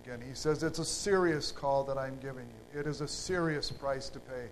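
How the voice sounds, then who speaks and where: A man preaching a sermon in an unhurried, halting way, with fillers and restarts. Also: medium pitch, a little hiss or hum, rough recording.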